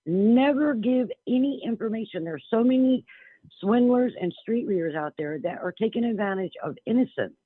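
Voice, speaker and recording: A woman's voice: a little high, animated, moderate pace, slightly rough, dry recording. A woman calling in as a psychic medium guest, talking bluntly and emphatically with frequent restarts. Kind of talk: phone-in radio interview. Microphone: telephone. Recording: tinny phone line.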